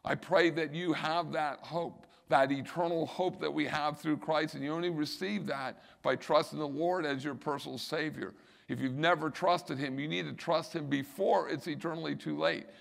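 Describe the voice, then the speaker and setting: A man's voice: on the high side, steady tone, moderate pace, vocal fry. A middle-aged male pastor preaching a sermon, building emphasis and repeating key phrases.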